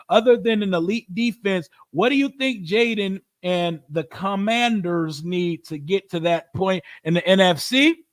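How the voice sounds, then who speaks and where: A man's voice: high-pitched, no room sound, studio quality. A man, hosting a casual sports livestream, slangy and laughing often. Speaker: sports podcast host.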